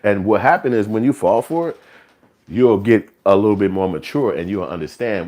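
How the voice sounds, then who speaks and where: A man's voice: lowish voice, lively intonation, normal speed, darkish tone. A man hosting a live stream, talking in a loose, profane, streetwise monologue. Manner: profane, streetwise, slips into acted quotes. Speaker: livestream show host. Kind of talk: casual rambling monologue.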